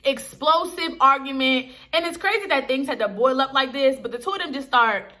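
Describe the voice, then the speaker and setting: A woman's voice: high-pitched, normal speed, pushed and bright. A young woman reviewing a TV episode in casual chat to camera, talking straight to her viewers in a slangy, chatty way.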